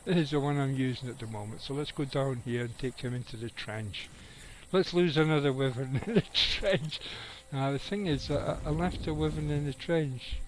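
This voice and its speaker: A man's voice: mid-range voice, moderate pace, slight background noise, poor audio. A middle-aged man, giving rambling, casual live commentary on his game and chatting with viewers, swearing now and then. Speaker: game streamer.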